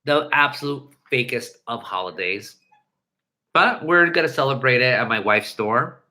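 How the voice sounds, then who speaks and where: A man hosting a livestream, ranting in an animated, profane way into a headset mic. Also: medium pitch, a little slow, poor audio. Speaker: livestream host. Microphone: headset earpiece mic.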